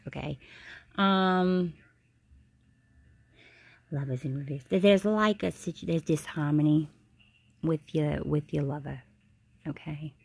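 A tipsy woman hosting a comedic tarot reading stream, rambling and swearing in a jokey deadpan way. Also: low voice, creaky, slightly rough, dry recording. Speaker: host.

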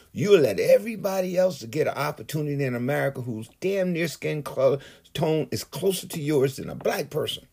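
A man's voice: on the high side, lively intonation, fairly quick, gravelly, darkish tone, slightly rough. A man delivering a heated, profane political rant in his own vlog, swearing often and building into outbursts. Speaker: political commentator.

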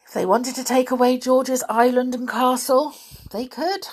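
A woman reading a children's storybook aloud in an expressive, lively narrating way. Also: high voice, normal speed, slightly rough.

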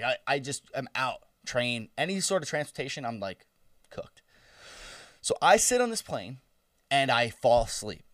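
A man's voice: medium pitch, dry recording, clean studio sound, far from the mic. A man in his twenties telling a story in casual chat, swearing and laughing as he goes. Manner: animated, swearing, laughing, acts out screams.

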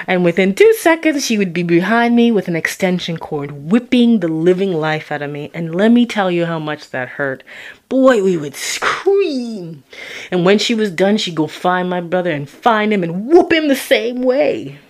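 Woman narrator from Toronto, mid-pitched, reflective personal storytelling with weighty pauses. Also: animated. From Toronto, Canada.

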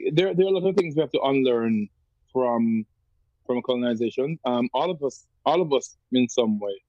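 A man's voice: mid-range voice, a little mellow, no echo, highs cut off. A man from Jamaica with a Jamaican accent, a podcast guest talking reflectively and repeating words as he searches for them. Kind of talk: conversational interview.

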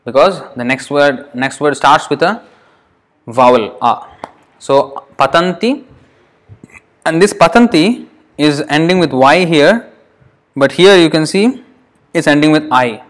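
A man teaching a Sanskrit class, patiently spelling out words and repeating them slowly as he explains sandhi rules. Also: fairly high pitch, animated.

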